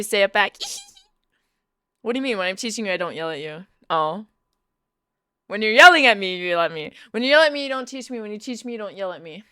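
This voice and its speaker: A woman's voice: medium pitch, sharp tone, clear, resonant tone, dry recording, clean studio sound. A young woman chatting casually with her live-stream audience, playful and teasing, laughing often. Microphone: Bluetooth headphones.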